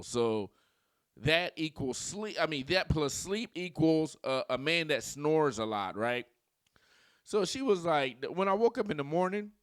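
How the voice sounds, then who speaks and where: A man's voice: fairly high pitch, a bit bright, no room sound, studio quality. A man in his forties giving casual dating commentary, telling stories in slang and mimicking voices.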